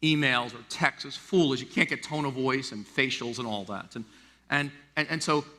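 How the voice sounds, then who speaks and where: A middle-aged man from the United States preaching a sermon as a pastor, animated and stammering through restarts as he acts out quoted voices. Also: medium pitch, moderate pace. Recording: long reverb of a large hall.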